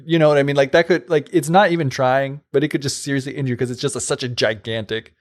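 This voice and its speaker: This podcast co-host talks fast in a steady, medium-pitched voice. He retells a fairy tale rambly and casually, stuffing it with "like" and asides.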